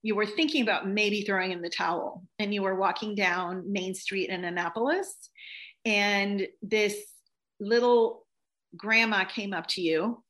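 A woman's voice: mid-range voice, a little slow, a bit bright. A woman hosting an interview, encouraging her guest and asking questions. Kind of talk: conversational interview.

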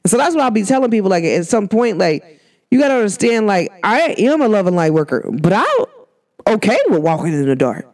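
Woman in her thirties, casual spiritual podcast host, expressive up-and-down delivery, slangy. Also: medium pitch, brisk. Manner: animated, slangy, rambling and candid.

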